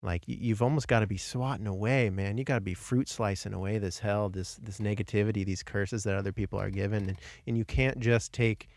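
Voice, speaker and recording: A man's voice: on the low side, steady tone, fairly quick, few pauses, dry recording. A man hosting a podcast in casual conversation, a rambling storyteller who restarts often. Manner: acts out story voices loudly. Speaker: podcast host.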